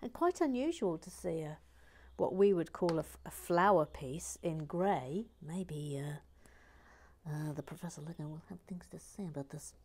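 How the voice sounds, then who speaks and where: Woman host, unhurried live-build chat, dry humour, soft murmured asides. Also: sits low, lively intonation. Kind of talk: relaxed live building stream with chat reading.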